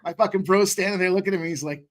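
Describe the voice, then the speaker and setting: Fast, high-pitched male co-host who rattles off profane rants. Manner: quick, profane storytelling. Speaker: co-host of a betting stream. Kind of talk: casual live-stream chat.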